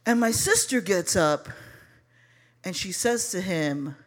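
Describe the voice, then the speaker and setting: Chicago woman telling a wild story, cussing, voice jumping all over, fairly high. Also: a little slow, slightly rough. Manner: profane, animated, addresses listeners as y'all. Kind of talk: live personal storytelling.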